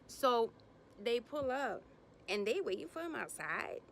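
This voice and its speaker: A woman's voice: a little slow, gravelly, a little hiss or hum. A woman recapping a reality TV episode in blunt, slangy, sassy commentary, acting out people's lines as she goes. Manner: animated, acts out quotes in bursts of higher pitch.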